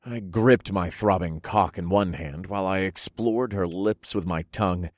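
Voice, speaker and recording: A man narrating a first-person story for an audiobook, expressive, moving between low murmurs and loud bursts. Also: normal speed, no room sound.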